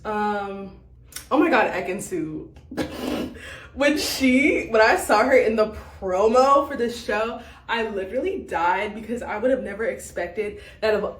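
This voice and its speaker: A young woman chatting casually as a vlogger, full of fillers and quick laughs. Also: a little high. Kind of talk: casual chat about a reality show. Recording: echoey room.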